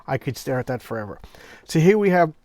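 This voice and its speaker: A man's voice: mid-range voice, big pitch swings, quick pace, dry recording. Dry-voiced man gushing over comic art. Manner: enthusiastic, rambling, often trailing into soft asides. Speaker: comic collector reviewing an issue. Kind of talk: casual vlog, paging through a comic.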